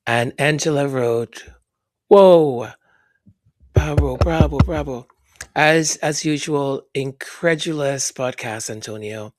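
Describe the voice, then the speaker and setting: A man hosting a podcast who reads listener comments aloud, speaking softly and haltingly, often whispering his thanks and sounding moved. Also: medium pitch, no echo, clean studio sound. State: moved, emotional. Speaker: podcast host. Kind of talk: casual chat reading listener comments.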